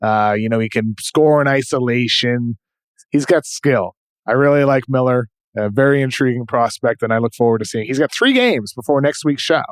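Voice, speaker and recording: A man with a New England accent hosting a podcast, running through quick notes and correcting himself. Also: medium pitch, lively intonation, smooth, dry recording. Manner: brisk rundown of notes, self-correcting. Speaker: podcast host. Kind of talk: casual podcast segment hosting.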